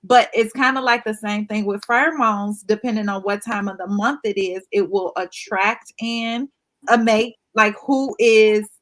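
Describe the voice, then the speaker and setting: A woman's voice: medium pitch, measured pace, a bit bright. A woman guest in casual chat, explaining with confident emphasis.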